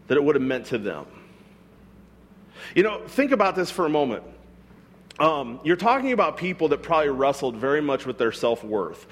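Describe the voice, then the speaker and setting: A man's voice: a little high, breathy edge. A man, a pastor, preaching a sermon in a conversational way, with frequent rhetorical asides to his congregation.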